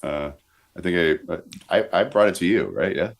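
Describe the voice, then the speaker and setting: A man co-hosting a podcast, halting and hesitant, reading out facts in casual comedy banter. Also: sits low, lively intonation, gravelly. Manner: hesitant, many uh fillers. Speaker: podcast co-host.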